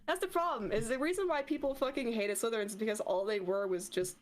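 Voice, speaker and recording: A woman streamer in casual chat, animated and swearing often, with frequent laughs. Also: a little high, fast.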